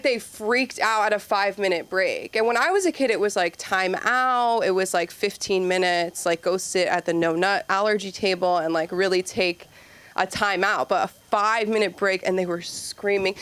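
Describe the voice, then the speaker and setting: A woman in her twenties doing a rambling stand-up set at an open mic, acting out kids in squeaky voices. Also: normal speed. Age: 20s. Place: comedy club stage.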